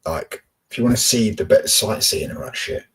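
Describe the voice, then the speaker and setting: A man's voice: fairly low pitch, a little fast, a loud crowd. A young Englishman from Peterborough chatting casually as a podcast co-host, rambling, sweary and blunt. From Peterborough, England. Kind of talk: casual chat.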